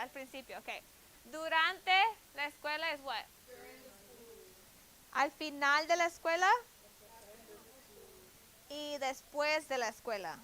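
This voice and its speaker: Young woman, classroom Spanish teacher, high-pitched, drills words with brief asides. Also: bright, forceful tone, low-quality recording. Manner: drills vocabulary, quick asides to students.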